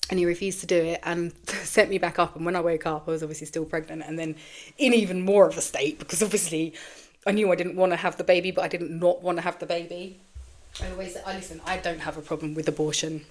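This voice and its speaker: A woman's voice: lowish voice, fairly even intonation, fast. A woman, hosting her own show and talking frankly and profanely about her life, emotional and close to tears, with trailing restarts. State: tearful, emotional. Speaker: podcast host. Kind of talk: candid personal monologue.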